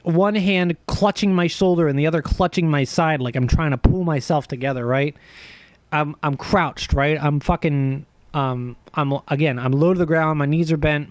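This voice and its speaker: A man livestreaming, telling a long story in a profane, animated, self-mocking way. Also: fairly high pitch, no room sound. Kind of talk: casual storytelling stream chat.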